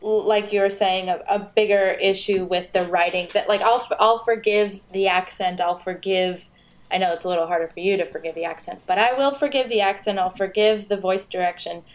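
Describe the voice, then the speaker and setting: A woman co-hosting a relaxed conversation about a game. She talks in an animated way, laughing often and poking fun as she critiques it. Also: medium pitch, a little fast. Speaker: podcast co-host. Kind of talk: casual chat reviewing a video game.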